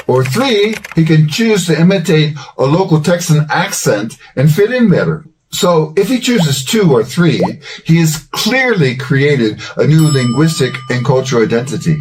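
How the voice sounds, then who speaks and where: A man in his sixties or older, giving a measured, scripted educational talk as a language-learning host. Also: fairly high pitch, far from the mic, a little hiss or hum, low-quality recording. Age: 60s or older. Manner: measured, explanatory delivery.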